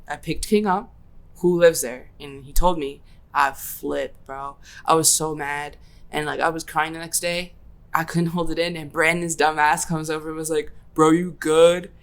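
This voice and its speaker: A woman's voice: sits low, steady tone, normal speed. A young woman hosting a podcast, telling a story in casual slangy chat and acting out her own quotes. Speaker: podcast host.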